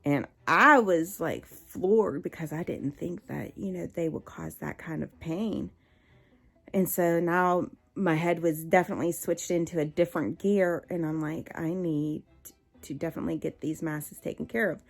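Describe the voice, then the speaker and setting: A woman's voice: fairly low pitch, normal speed, creaky. A young adult woman vlogging, telling a personal story in a candid, conversational way with many fillers and restarts.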